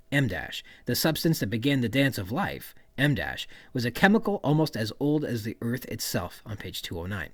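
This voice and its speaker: This podcast host speaks in a mid-range voice with no room sound at all. He works through a novel's prose, reading quotations aloud before unpacking them, and his delivery is animated, full of expressive emphasis.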